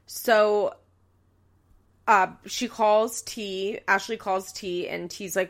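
A young woman hosting a show recaps a reality series in casual, chatty talk packed with "like" fillers, quoting people in passing. Her medium-pitched voice has fairly even intonation, and she takes her time.

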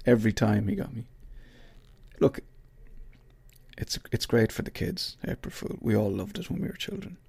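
A man's voice: fairly low pitch, very animated, normal speed, gravelly, long pauses, a little mellow, slightly rough, no room sound. An Irish man hosting a podcast, chatting casually and rambling, mocking himself as he goes. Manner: rambling and self-mocking, with many restarts. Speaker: podcast host. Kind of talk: casual solo chat.

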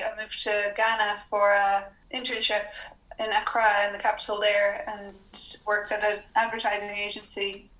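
A woman's voice: a little high, a bit bright. Irish woman on an echoey call. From Ireland. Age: 30s. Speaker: podcast guest. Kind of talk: casual conversation. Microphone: video call. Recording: dull, echoey video call audio.

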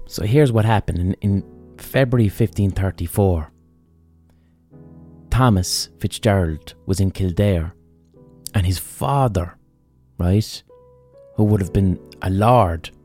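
Swearing Irish man telling a story. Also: on the low side. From Ireland. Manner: swearing, animated retelling with mock quotes. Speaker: podcast host. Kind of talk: casual storytelling monologue.

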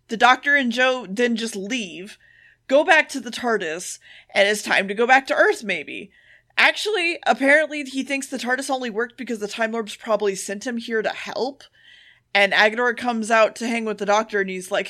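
A podcast co-host casually recapping an episode, swearing often and tossing in quick quoted lines. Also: medium pitch, sharp tone. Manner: profane, offhand retelling with quick quoted voices.

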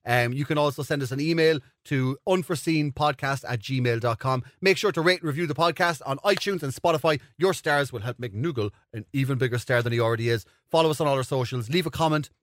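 A man's voice: mid-range voice, fast, hardly any pauses, a bit bright, no echo, clean studio sound. A man with an Irish accent hosting a comedy podcast, upbeat and joking, swearing casually. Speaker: podcast host.

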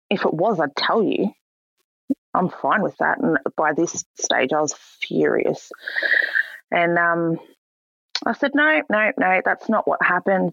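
A young woman retelling a personal story in a casual, animated way, voicing the people in it. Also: lowish voice, gravelly, dry recording. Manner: lively, animated retelling with quoted voices. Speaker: guest. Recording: slightly dull lo-fi recording.

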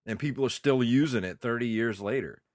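A man's voice: mid-range voice, fairly quick, dry recording, studio quality. A man co-hosting a retro gaming podcast, blunt and sarcastic, laughing often as he reviews a game. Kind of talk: casual podcast chat.

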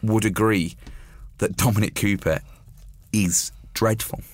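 A man's voice: lowish voice, steady tone, measured pace, no echo. A man co-hosting a casual chat about a film musical, opinionated and full of restarts. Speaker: podcast co-host.

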